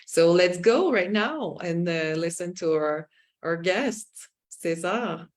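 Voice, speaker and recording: A woman with a Québécois French accent hosts a video-call webinar, friendly and a little hesitant. Her voice sits fairly low for a woman. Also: animated, slow. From Quebec, Canada. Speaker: webinar host. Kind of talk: casual webinar hosting.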